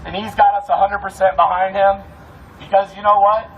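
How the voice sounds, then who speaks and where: An angry, fired-up man shouts a profane rallying speech to a crowd at a night street protest. His voice is high for a man and sits back from the mic, with faint street noise behind him. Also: flat delivery, fairly quick, recorded from a distance, muffled recording. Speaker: protest security volunteer.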